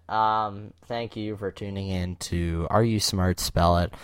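Man, podcast co-host, joking, laughing, slightly low voice, dry close sound. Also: steady tone, slow pace, smooth, dry recording. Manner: joking, laughing, mock Canadian slang. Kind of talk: goofy casual podcast banter.

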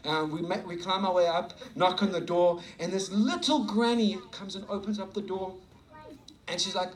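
Man, young, preacher, high voice, animated storytelling, acts out dialogue. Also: moderate pace, poor audio. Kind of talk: sermon storytelling.

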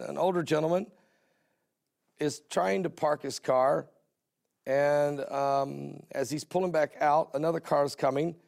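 Gravelly-voiced man preaching folksy stories. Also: medium pitch, darkish tone. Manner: conversational, repeats phrases for emphasis. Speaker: host of a Christian television broadcast. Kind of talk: folksy sermon storytelling.

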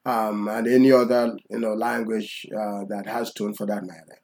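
A man teaching tones in a relaxed, conversational lesson, patiently checking in with okay? after each point. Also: on the low side, moderate pace, gravelly. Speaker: language teacher.

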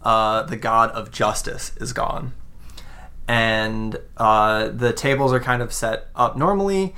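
A woman with a very deep voice runs a tabletop game as its game master. She describes scenes at an easy pace, stopping often on little fillers. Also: fairly bright tone. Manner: halting, with many fillers.

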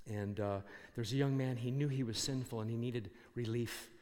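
A man's voice: medium pitch, steady tone, normal speed, a little mellow. A middle-aged man preaching a sermon, emphatic and fond of rhetorical questions. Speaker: pastor. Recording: long hall reverb.

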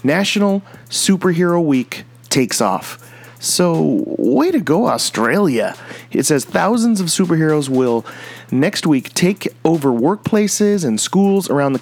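A man's voice: a little high, a little mellow. Chatty enthusiastic man. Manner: chatty, enthusiastic, many fillers and restarts. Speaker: podcast host. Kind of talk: casual solo commentary.

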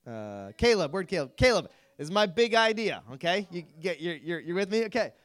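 A man's voice: high-pitched, very animated, normal speed, a bit bright. A young man, a youth pastor, giving a casual Bible talk to a youth group, filling his speech with "like" and quizzing his listeners. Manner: chatty, lots of "like", quizzes the group.

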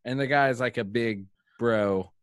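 A man's voice: mid-range voice, a little slow, clean tone, no echo, clean studio sound. A man in casual chat, telling a rambling, profane story full of fillers.

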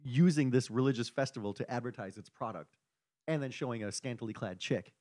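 Podcast co-host from Chicago, man, dry close sound, sardonic and halting. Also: mid-range voice, warm tone, no echo. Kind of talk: casual comedy podcast chat.

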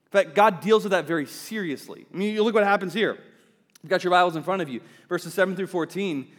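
A man preaches a sermon, dropping to soft asides and then rising to loud, emphatic points. His voice sits a touch high for a man. It carries a long reverb in a church hall. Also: fast. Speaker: pastor. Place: church sanctuary.

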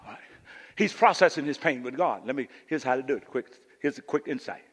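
A middle-aged man preaching a sermon as pastor in a church, shifting from hushed teaching to loud, animated preaching, recorded live. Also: mid-range voice, a little fast, husky, in a large hall.

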